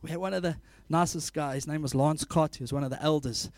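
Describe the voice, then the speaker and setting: A man preaching a sermon, telling animated stories, laughing often and acting out scenes. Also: a little high, quick pace, dry recording.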